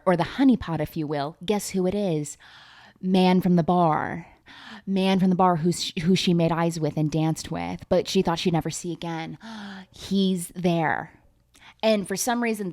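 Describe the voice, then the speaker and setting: A woman tells the story of a movie in a breathless, gossipy rush. Her voice sits a little low, then shoots up into loud, squealing outbursts and salty asides, and she talks as if she is chatting with a friend. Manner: fast, animated, profane, with big comic pitch jumps. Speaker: vlogger recapping a movie. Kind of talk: casual chat.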